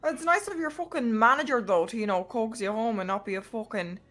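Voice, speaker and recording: A woman's voice: a little high, a little fast, over music. Blunt, swearing woman. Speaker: streamer guest. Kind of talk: casual chat.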